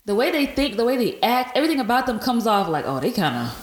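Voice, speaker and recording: A woman's voice: fairly high pitch, fast talker. Joking woman podcast co-host, echoey room. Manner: laid-back, joking, laughs often. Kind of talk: casual chat.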